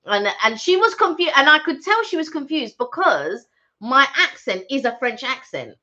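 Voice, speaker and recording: A woman's voice: high-pitched, sing-song, moderate pace, pushed and bright. A woman co-hosting a casual live stream, chatty and telling anecdotes with frequent restarts. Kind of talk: casual chat. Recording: dull lo-fi live stream audio.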